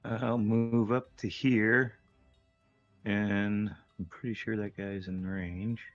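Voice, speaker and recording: A man playing in a tabletop game, calling out his moves in an unhurried way. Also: on the low side, little pitch movement, no echo, lo-fi sound, soft background music. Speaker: player.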